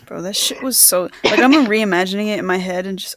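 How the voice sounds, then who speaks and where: A woman's voice: medium pitch, quick pace. A young woman telling a story to friends, swearing a lot and often laughing as she talks. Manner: profane, animated, breaks into laughter. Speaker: podcast co-host. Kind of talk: casual storytelling among friends. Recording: loud background noise.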